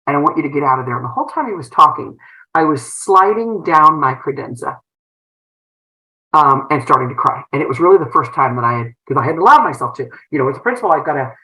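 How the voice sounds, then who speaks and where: A middle-aged woman with a low but bright, forceful voice recounts a painful chapter of her life as an interview guest. She speaks earnestly and emotionally, circling back with fillers and restarts as she goes. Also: very animated, brisk, rough recording. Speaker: guest, former school principal turned entrepreneur. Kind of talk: personal storytelling in an interview.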